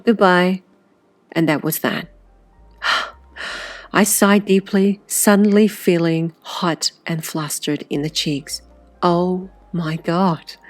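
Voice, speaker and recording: Lower-voiced woman narrating wryly. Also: no room sound. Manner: conversational, wry asides. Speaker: audiobook narrator. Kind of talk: first-person storybook narration.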